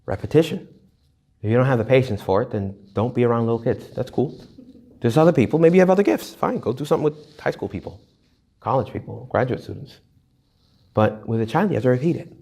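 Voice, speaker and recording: A man's voice: mid-range voice, fast talker, creaky, husky. A man giving a humorous retreat talk to young adults, joking and acting out little quoted voices. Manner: jokey, animated, acts out little quoted voices. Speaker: retreat speaker.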